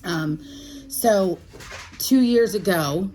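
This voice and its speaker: A woman in her thirties telling a personal story to camera, halting and emotional, with many pauses and restarts. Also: mid-range voice, dark tone, a little hiss or hum, rough recording. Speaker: vlogger. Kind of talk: candid personal chat to camera.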